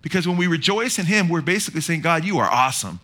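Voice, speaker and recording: A male pastor with a Californian accent, preaching a sermon to his congregation in an animated way and breaking off into quick asides to the church. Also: a little high.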